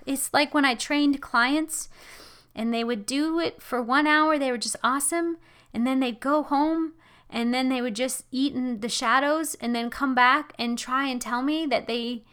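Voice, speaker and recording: Casting: woman, 30s, higher voice, earnest exhorting Bible teacher, chatty delivery. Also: pushed and bright. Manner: earnest, exhorting, conversational with fillers. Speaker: Christian teacher. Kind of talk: informal devotional teaching.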